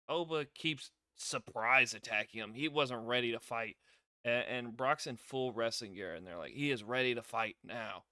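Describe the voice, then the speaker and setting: A man's voice: mid-range voice, smooth, no echo, studio quality. Rambling young man recapping wrestling. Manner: rambling, filler-heavy, gets loud when excited. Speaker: wrestling show reviewer. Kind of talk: casual recap review.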